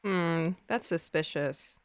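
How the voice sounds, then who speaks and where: A woman's voice: sits low, takes it slowly, smooth. A woman in casual chat with a playful, teasing way of talking.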